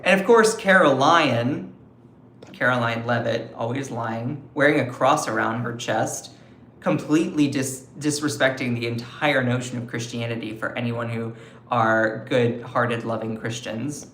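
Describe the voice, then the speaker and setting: A man's voice: medium pitch, a little slow, fairly bright tone, echoey room, slight background noise. A man with a Southern US accent giving emphatic political commentary on a live stream, often repeating and restarting his phrases. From Southern United States.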